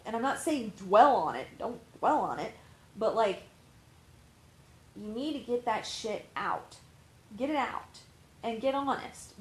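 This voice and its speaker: A woman's voice: on the high side, reverberant, slight background noise, low-quality recording. A woman life coach giving casual, candid advice, rambling and swearing freely with lots of fillers. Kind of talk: casual talking-to-camera advice.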